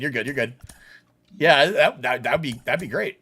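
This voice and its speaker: A man's voice: on the high side, animated, moderate pace, sharp tone, breathy edge. A young adult man live streaming a baseball video game, chatting bluntly and casually with his viewers and laughing often. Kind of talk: live gaming stream chat.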